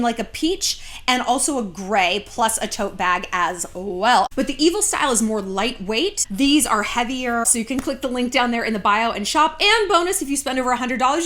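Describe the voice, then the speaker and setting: A woman in her thirties chatting casually to camera from home, sarcastic and quick to swear. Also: on the high side, fairly bright tone. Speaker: vlogger.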